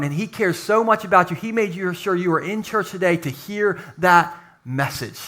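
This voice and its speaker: A man preaching a sermon as pastor in a church, dropping from loud calls to hushed near-whispers. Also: sits high, fairly quick. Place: church sanctuary.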